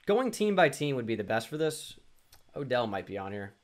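A young man at a desk mic, talking to himself as he plays through a quiz. His voice sits in an ordinary middle pitch, and he mutters, restarts and teases himself about his own misses. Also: sing-song, moderate pace. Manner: muttering, self-deprecating, thinking aloud with frequent restarts. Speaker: gaming YouTuber. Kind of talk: casual self-talk while playing a sports quiz.

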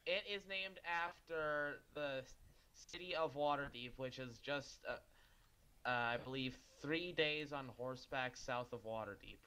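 A man's voice: medium pitch, unhurried, bright, forceful tone. A man chatting as a fellow player in a game session, matter-of-fact and a little hesitant. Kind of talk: casual gameplay chat.

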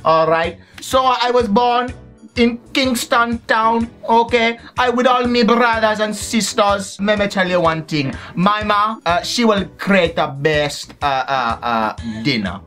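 A woman's voice: mid-range voice, animated, a bit bright, soft background music. A woman doing a laid-back Jamaican man. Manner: exaggerated put-on Jamaican accent, slow drawl.

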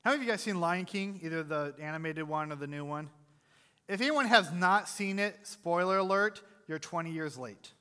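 A man's voice: on the high side, normal speed, sharp tone, clean tone. A man preaching a sermon as pastor, conversational and jokey, quizzing the congregation between earnest points, in a church sanctuary. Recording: long hall reverb.

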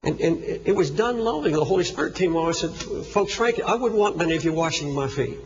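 A man's voice: a little high, lively intonation, fast. A man preaching a sermon, telling a story with fervent, impassioned delivery. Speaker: pastor. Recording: echoey hall, dull lo-fi recording.

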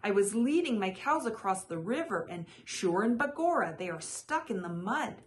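A woman's voice: mid-range voice, sing-song, moderate pace, natural voice. A woman reading a storybook aloud, voicing a small, courteous male stranger who pleads for help. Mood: pleading.

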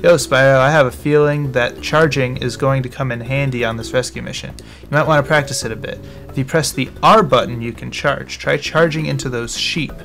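A man's voice: mid-range voice, fairly even intonation, a little fast, creaky, a bit bright, soft background music. A man reading a cheerful young male sidekick's lines aloud from a game, in a laid-back way. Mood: chummy.

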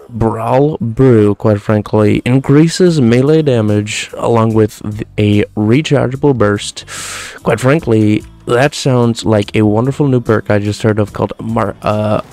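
A man's voice: lowish voice, darkish tone. A man in his twenties giving casual, jokey gameplay commentary, tossing in "folks" and "quite frankly" as he rambles. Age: 20s. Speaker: gaming commentator.

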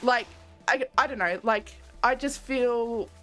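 A young woman streaming a game, chatting candidly and rambling in a soft-spoken way, laughing often. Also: fairly high pitch, slow pace, faint music behind. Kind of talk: casual live-stream chat while gaming.

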